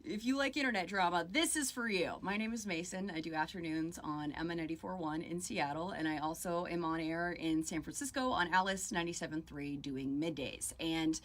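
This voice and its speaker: A woman's voice: fairly low pitch, fairly quick, hardly any pauses. A woman radio host ranting in a catty, exaggerated way about a rival. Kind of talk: social media rant video.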